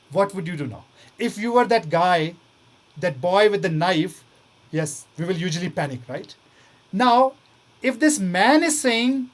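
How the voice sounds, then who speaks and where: A man with a fairly high voice gives a motivational talk to a room of students. His delivery is earnest and coaxing. He keeps throwing the same questions back at his audience. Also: lively intonation, normal speed. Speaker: motivational speaker.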